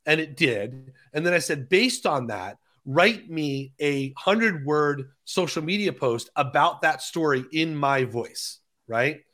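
Bright-voiced man explaining step by step. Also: a little high, animated. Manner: talks slowly through key phrases, many restarts. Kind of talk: conversational explainer.

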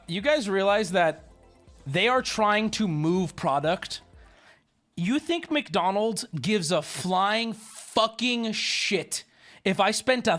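A man's voice: high voice, fairly bright tone. A man livestreaming, telling a story as a profane, sarcastic rant. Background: faint background music.

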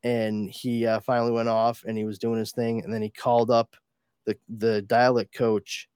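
A man co-hosting a podcast in casual chat, telling stories with a lot of swearing and quick put-on voices. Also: medium pitch, level tone, darkish tone, clean tone, no room sound, clean studio sound. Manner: chatty storyteller, swears, puts on voices in anecdotes. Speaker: podcast co-host.

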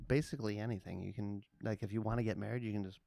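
A man's voice: on the low side, fairly even intonation, racing, vocal fry, warm tone, no echo, studio quality. A man in his thirties co-hosting a casual podcast chat, wry and a little old-fashioned, telling stories. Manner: wry, older-generation storyteller. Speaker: podcast co-host.

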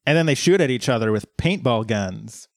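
A man recaps a show episode on a podcast in an easy, conversational way. His voice sits in a middling range and sounds close and dry, with no room echo. He tells the story at a steady, laid-back pace. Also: mid-range voice, normal speed. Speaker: podcast co-host. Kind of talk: casual episode recap chat.

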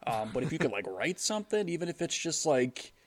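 A man's voice: a little high, very animated, brisk. A man co-hosting a podcast, chatting casually, rambling with lots of fillers and casual swearing. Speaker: podcast co-host. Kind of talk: casual chat.

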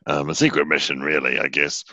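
A man's voice: rumbling low, flat delivery, brisk, bright, forceful tone, no echo, full character voice. A man playing a friendly, bumbling dwarf adventurer who stumbles over his words with many hesitations. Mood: awkward friendly. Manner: hesitant, stumbling, lots of ums. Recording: dull lo-fi mic.

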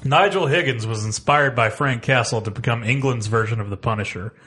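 A man's voice: mid-range voice, a little fast, fairly bright tone. Hesitant man on a comics podcast. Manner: hesitant, reads facts aloud. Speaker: podcast co-host. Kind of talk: casual comic book chat.

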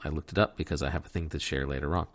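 A podcast host with a bass voice talks very fast in a steady tone. In casual chat he gives a rambling, jokey recap of a movie plot, throwing in silly voices.

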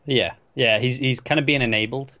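A man's voice: medium pitch, fairly even intonation, brisk, bright, forceful tone, no echo. A man chatting casually as a co-host, agreeing and adding his own take on an episode. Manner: agreeable, chiming in. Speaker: podcast co-host. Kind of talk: casual chat. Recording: dull lo-fi mic.

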